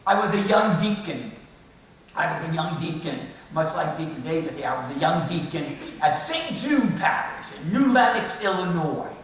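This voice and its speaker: A man's voice: on the high side, sing-song, moderate pace. A man with a Southern US accent, a priest giving a sermon in a folksy storytelling manner. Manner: folksy storytelling with acted quotes. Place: large church. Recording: echoey church, voice from far off.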